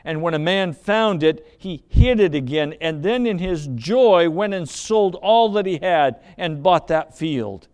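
Pastor guy preaching, acting out a story, kinda high voice. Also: animated, measured pace, few pauses, a little mellow, smooth. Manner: vivid, dramatic storyteller. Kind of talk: storytelling sermon.

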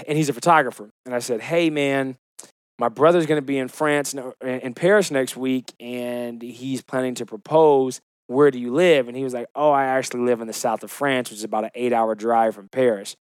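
Animated, joking male co-host. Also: medium pitch, smooth, no echo, studio quality. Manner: animated storyteller, defensive and joking. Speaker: podcast co-host. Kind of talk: casual chat.

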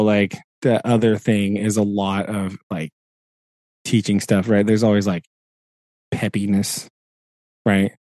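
A man's voice: fairly low pitch, a little mellow, no room sound. A man co-hosting a podcast, venting in a rambling casual chat full of fillers and laughs. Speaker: podcast co-host.

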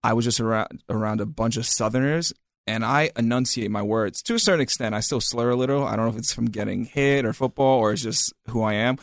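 A man's voice: mid-range voice, brisk, dry recording, studio quality. A man hosting a podcast, talking in loose, profane, joking banter. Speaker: podcast host. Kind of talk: casual chat.

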